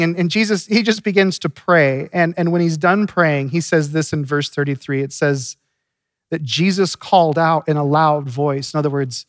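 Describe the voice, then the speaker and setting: High-voiced guy preaching, earnest and chatty, restarts a lot, dry close sound. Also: a bit bright, no echo. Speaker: pastor. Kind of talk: sermon.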